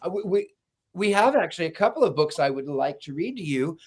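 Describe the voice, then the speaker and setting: A man's voice: on the high side, lively intonation, fairly quick, husky. Chatty man hosting a livestream. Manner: rambling, repeats words while starting sentences. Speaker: livestream host. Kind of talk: casual chat.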